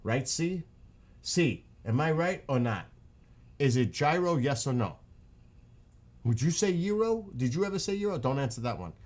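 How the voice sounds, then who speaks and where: A man's voice: medium pitch, big pitch swings, normal speed, pauses often, a little mellow. A man with a New York accent, chatting casually on his live stream, rambling and joking.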